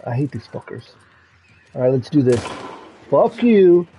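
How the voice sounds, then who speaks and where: A man streaming a video game, swearing, yelling and pleading at the screen in frustration. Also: mid-range voice, sing-song, measured pace, breathy edge, highs cut off. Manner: profane, yells and pleads at the game. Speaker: gamer streamer. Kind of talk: live gameplay commentary.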